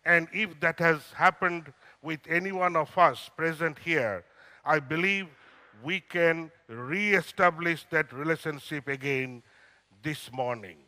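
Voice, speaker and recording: Casting: older man, pastor, slow unhurried sermon delivery, bright tone, church hall reverb. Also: a little high. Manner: storytelling, slow and deliberate with frequent "uh" fillers.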